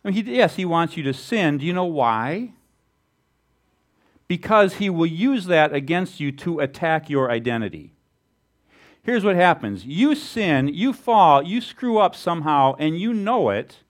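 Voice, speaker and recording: A man preaching a sermon as a pastor, animated and asking the congregation rhetorical questions. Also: on the high side, a little slow.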